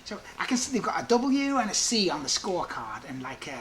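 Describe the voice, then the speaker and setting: A middle-aged man, a prison guard, telling stories in a documentary interview, animated and full of fillers. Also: sits high, a little fast, slight background noise. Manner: animated storyteller, fillers like 'like'.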